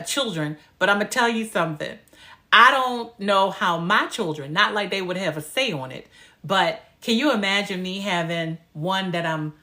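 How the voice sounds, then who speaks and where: A woman's voice: mid-range voice, pushed and bright. A woman in her forties chatting casually on a live stream as a lifestyle coach, confiding and emotional as she tells personal stories.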